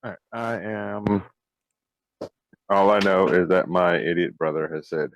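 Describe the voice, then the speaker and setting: Very deep guy player, hesitant and soft, muffled mic like an old radio, dry. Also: unhurried, vocal fry, pauses often, no room sound. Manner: hesitant, full of fillers, soft-spoken. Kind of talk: casual tabletop play. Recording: muffled mic with audio issues.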